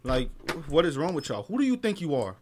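A young man streaming a horror game, loud and jumpy at the scares, full of slang and swearing, muttering to himself as he explores. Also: a little high, big pitch swings, fairly quick, noisy background. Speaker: gaming streamer. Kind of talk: horror gameplay commentary.

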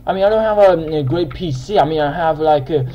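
A young man giving casual gameplay commentary as a channel host, excitable and quick to yell in frustration at other players. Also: on the high side, highs cut off.

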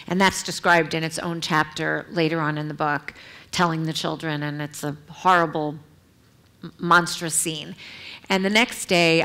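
Middle-aged woman author reading her memoir aloud, lowish voice, measured and earnest, library event. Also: a bit bright. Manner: measured, earnest reading with brief asides to the audience.

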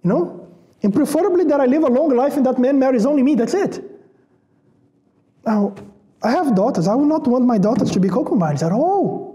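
A man's voice: extremely high pitch, expressive, brisk, dark tone. A man preaching a sermon in a conversational way, repeating words for emphasis and asking the congregation rhetorical questions. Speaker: pastor.

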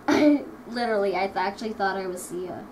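A woman hosts a casual home vlog with friends, giggling and rambling as she chats and jokes. Her voice is medium-pitched, a little mellow and moderately paced, picked up by a distant mic with clear background noise.

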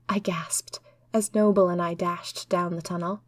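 A woman telling a first-person diary story in an earnest, lively way. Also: lowish voice, measured pace, no room sound, clean studio sound.

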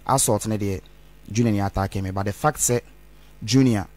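A man's voice: on the low side, fairly even intonation, fairly quick, darkish tone, no echo. A man, rambling as an interview guest and mixing Twi phrases into his English. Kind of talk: candid interview talk.

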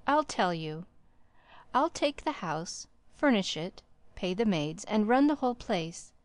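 A woman doing a brisk bustling gentleman. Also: medium pitch, sing-song, dry recording. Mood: brusque. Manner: abrupt, bustling, blunt questions. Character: brisk bustling middle-aged gentleman investor.

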